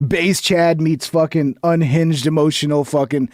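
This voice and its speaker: Guy ranting on his stream, kinda high voice, swears a ton, mocks people, dry close mic. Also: expressive, moderate pace, a little mellow, no echo. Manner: crude, swearing, mocking impressions. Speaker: streamer reacting to clips. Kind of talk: casual live-stream commentary.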